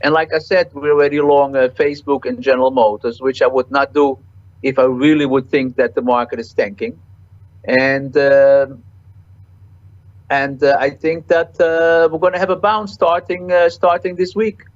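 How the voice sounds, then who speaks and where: A man guest in an interview explains market forecasts in halting, repetitive phrases full of fillers. His voice sits at an average pitch. The recording sounds dull and lo-fi. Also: fairly even intonation. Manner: halting, repeats words, many "uh" fillers. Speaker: market cycle analyst guest. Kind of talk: interview answers.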